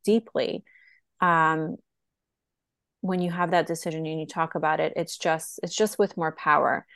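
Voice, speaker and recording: A woman's voice: low-pitched, fairly even intonation, unhurried, vocal fry, a bit bright, no echo, studio quality. A woman co-hosting a podcast as a health coach, giving earnest advice in casual chat with frequent fillers.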